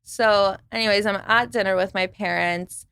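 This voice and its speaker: A woman guest on a podcast, casually telling a dating story in an animated way, acting out what others said and using lots of "like". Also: medium pitch, normal speed, creaky, smooth, no room sound, studio quality.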